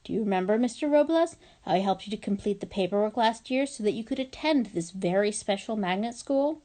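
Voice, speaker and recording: A woman reading aloud, voicing a stern middle-aged female school principal who scolds in slow, clipped, emphatic phrases. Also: mid-range voice, lively intonation, mellow, lightly acted.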